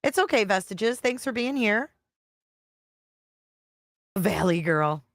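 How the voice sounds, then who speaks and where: A woman's voice: mid-range voice, animated, slow, no room sound. A woman hosting a live stream, chatting casually and reading out viewer comments as she reacts to a clip. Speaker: livestream host reacting to a clip.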